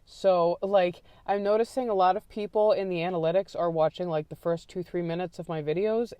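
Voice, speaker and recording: A woman's voice: fairly low pitch, fairly quick, clean tone, dry recording. Chatty woman, dry close sound. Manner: chatty, self-deprecating, rambling with restarts; aims for a calm, sleepy ASMR-like delivery in the story. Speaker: true crime channel host. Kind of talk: casual chat to viewers, then true crime narration.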